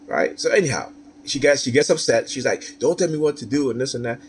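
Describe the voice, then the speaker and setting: A man's voice: mid-range voice, lively intonation, quick pace, slight background noise. A man talking through a personal story, rambling and often asking "right?" with many fillers. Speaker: commentator. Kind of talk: personal monologue.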